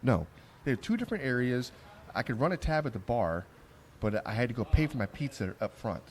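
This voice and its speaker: A man hosting a barbecue podcast, telling stories in a casual, rough-spoken, rambling way with lots of restarts. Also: medium pitch, sing-song, a little fast, a little hiss or hum. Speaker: podcast host. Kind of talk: casual chat. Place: on location at a barbecue trade conference.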